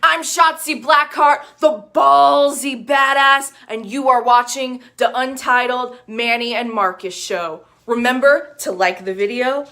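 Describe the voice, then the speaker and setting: A woman giving a brash wrestling promo shout-out, delivered slowly and emphatically. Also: high voice, steady tone, voice pushed up, exaggerated voice.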